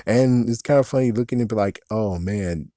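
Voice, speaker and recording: A man's voice: mid-range voice, warm tone, no echo, studio quality. A man ranting through a movie review, exasperated and swearing constantly.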